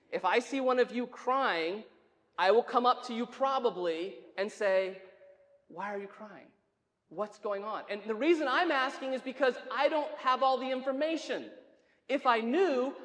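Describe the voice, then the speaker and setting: A pastor with an extremely high-pitched, fairly bright voice preaches a chatty, conversational sermon in a church sanctuary. He asks the congregation questions and adds wry asides, all with long church reverb.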